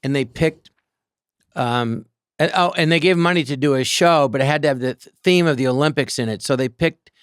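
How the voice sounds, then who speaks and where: Animated storytelling man, dry sound. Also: mid-range voice, clear, resonant tone, no echo. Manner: animated, slips into quick character voices. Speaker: guest comedian. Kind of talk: live podcast storytelling. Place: theater stage.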